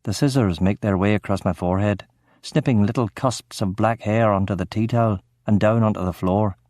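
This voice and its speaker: A man giving steady, measured first-person narration of a crime novel audiobook. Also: on the low side, dry recording, clean studio sound.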